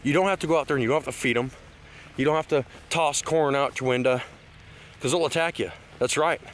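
A man talks his way through a park tour outdoors, rambling and full of fillers and restarts, now and then worked up and preachy. His voice sits at an ordinary middle pitch, with faint background noise underneath. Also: fairly quick. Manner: rambling, hesitant with many fillers, turning heated and preachy. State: emotional, teary at times. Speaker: vlogger giving a park tour. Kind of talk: casual one-take outdoor vlog talk. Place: outdoors at a lakeside state park.

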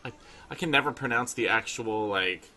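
A man's voice: medium pitch, normal speed, noisy background. A man hosting a gameplay video, rambling with lots of fillers. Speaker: gaming video host. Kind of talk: gameplay commentary.

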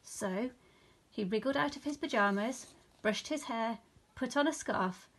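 Woman teacher, gentle storybook reader, expressive, slightly higher voice. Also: unhurried, slightly rough. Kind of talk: reading a bedtime picture book aloud.

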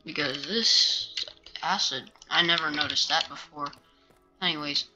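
A woman's voice: low-pitched, unhurried, music in the background. A woman casually commenting while she plays a video game. She rambles, hesitates and restarts her sentences as she loses her words. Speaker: gaming channel host. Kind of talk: casual let's-play commentary.

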